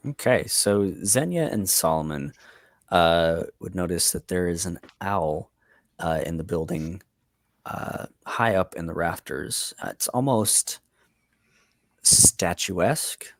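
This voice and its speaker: A man narrating as game master for a tabletop game, unhurried and full of fillers. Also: low-pitched, lively intonation, dry recording.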